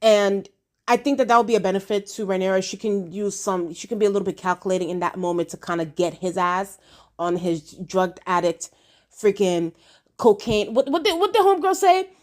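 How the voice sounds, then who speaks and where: A woman talks through a TV episode in a casual review vlog. She is blunt and slangy, swears freely, and speaks straight to her viewers. Her voice sits at a middle pitch. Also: normal speed. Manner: outspoken, addresses viewers directly. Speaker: TV show reviewer.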